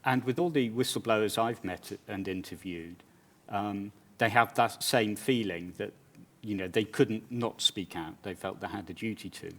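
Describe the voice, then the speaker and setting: A British journalist interviews a guest on a conference stage, his voice on the low side. He speaks in a measured, reflective way, now and then stammering and restarting.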